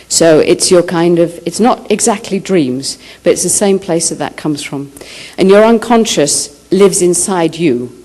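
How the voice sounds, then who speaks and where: Woman author chatting with students, tells stories lively, does the voices, kinda low pitched. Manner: lively storyteller who acts out quotes. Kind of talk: school talk answering questions. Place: high school.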